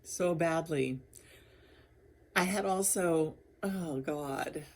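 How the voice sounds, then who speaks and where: A woman's voice: low voice, very slow, a little mellow. A woman talking candidly in a personal video diary, rambling and laughing often between thoughts. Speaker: vlogger.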